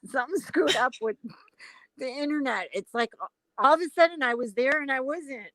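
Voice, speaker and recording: A woman's voice: sits high, moderate pace, heavy background noise. A woman chatting casually on a livestream, telling stories with lots of laughter. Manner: animated storytelling, laughs a lot. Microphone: webcam or phone on a live stream.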